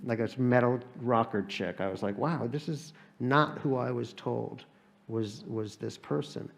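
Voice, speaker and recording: Gravelly American man telling wry stories. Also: medium pitch, unhurried. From United States. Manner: wry comic storytelling with frequent restarts. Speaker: author guest. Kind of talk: live on-stage conversation. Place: live audience event.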